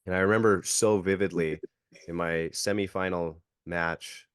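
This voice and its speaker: A man's voice: low voice, fairly even intonation, moderate pace, clear, resonant tone, no room sound, clean studio sound. A man in his thirties, a jiu-jitsu coach and podcast guest, telling a story casually with lots of "like" fillers. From Canada. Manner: filler-heavy, acts out quotes.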